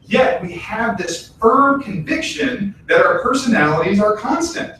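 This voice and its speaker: A man preaching a casual, conversational sermon at a temple, animated and chatty, breaking into voices as he tells examples. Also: high voice, measured pace. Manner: animated, acts out quoted voices, chatty asides. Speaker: temple minister. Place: temple hall. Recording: echoey hall, distant mic, faint noise.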